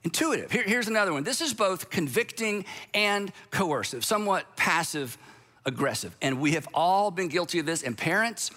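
A man's voice: high-pitched, big pitch swings, normal speed, pushed and bright, big-room sound. A man preaching a sermon as pastor, in a conversational way, acting out quoted speakers.

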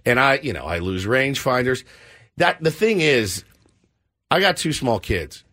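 A man's voice: medium pitch, measured pace. A middle-aged man hosting a show, telling a story in a self-mocking way and slipping into the voices of the people in it. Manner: animated, self-mocking, jumps into quoted voices. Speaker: radio show host. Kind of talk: casual storytelling banter.

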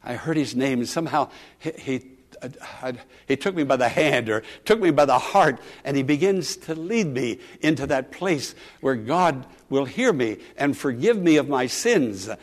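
A man pastor preaching a sermon, calling out with rising emotion and dropping to soft, quiet asides. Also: medium pitch, lively intonation, moderate pace.

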